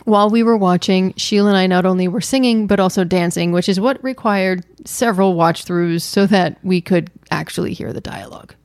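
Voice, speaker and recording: A woman's voice: fairly low pitch, fairly quick, hardly any pauses, darkish tone, no echo. A woman co-hosting a casual chat with her wife, playful and teasing, often laughing. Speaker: podcast co-host.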